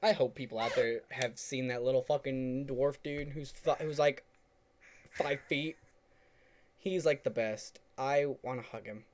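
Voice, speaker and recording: A podcast co-host chatting casually and reading fan fiction aloud, animated and swearing freely. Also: mid-range voice, a little slow, a little hiss or hum.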